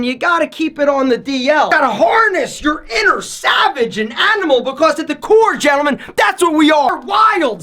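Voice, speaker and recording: A man in his thirties hosting a joking advice video, talking loudly with lots of energy. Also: extremely high pitch. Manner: loud, animated, joking delivery. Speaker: host.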